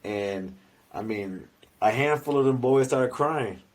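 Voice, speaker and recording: A man's voice: medium pitch, slow pace, rough recording. A man co-hosting a podcast in casual chat, talking loosely with slang and swearing freely. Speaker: podcast co-host and youth coach.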